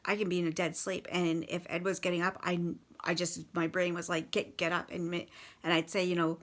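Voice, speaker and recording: A woman casually recounting life with a partner's drinking, halting and swearing bluntly, with many restarts. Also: on the low side, flat delivery, fairly bright tone. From Canada. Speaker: partner of a recovering alcoholic. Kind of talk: casual personal storytelling.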